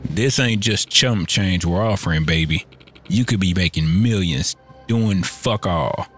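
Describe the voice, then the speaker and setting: A man voicing a smooth-talking male gangster recruiter, slow and coaxing, while reading game lines aloud. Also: deep voice, soft background music, pitched below the performer's own voice.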